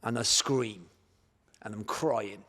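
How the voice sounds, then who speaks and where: A man in his forties with an English accent, a guest on a podcast, telling his own life story in animated bursts and acting out his past thoughts. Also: lowish voice, takes it slowly, in a large hall. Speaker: guest, martial arts champion.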